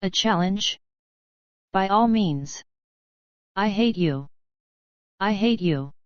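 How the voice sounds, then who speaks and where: A woman's voice: mid-range voice, lively intonation, slow pace, smooth, no room sound, lo-fi sound. Laevsky, a woman reading an overwrought young man. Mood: hostile. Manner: overwrought, pleading outbursts. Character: agitated hysterical young male drunkard.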